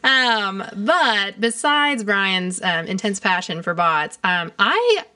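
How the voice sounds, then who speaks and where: Bright-voiced woman co-host, bubbly. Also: medium pitch, very animated, takes it slowly, dry recording, distant mic. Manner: bubbly, laughs easily, with many ums. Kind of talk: casual podcast chat.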